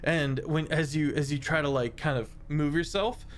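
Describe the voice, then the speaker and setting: A man as dungeon master, describing scenes in a halting, rambling way with many fillers. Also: fairly high pitch, fairly even intonation, a little hiss or hum. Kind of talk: narrating a tabletop game.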